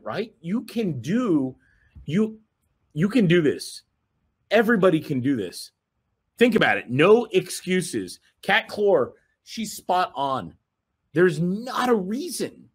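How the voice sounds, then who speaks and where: A man's voice: high voice, a bit bright. A man hosting a group video call, giving a rambling, enthusiastic motivational talk full of fillers and repeated phrases.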